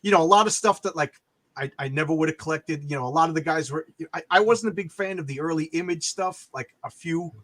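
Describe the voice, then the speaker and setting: A man's voice: fairly high pitch, fast, a bit bright. An older man hosting a casual chat, rambling with frequent stammering restarts. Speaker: podcast host.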